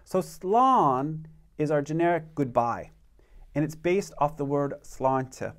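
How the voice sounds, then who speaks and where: A man teaching an online beginner language lesson, speaking slowly and patiently and modeling phrases for learners to repeat. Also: fairly high pitch, lively intonation.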